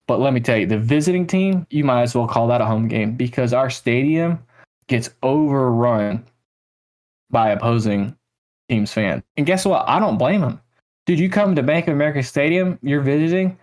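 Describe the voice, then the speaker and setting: A man's voice: medium pitch, normal speed, darkish tone. A young man co-hosting a casual sports podcast, an exasperated, self-mocking fan ranting about his team. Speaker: podcast co-host, Panthers fan.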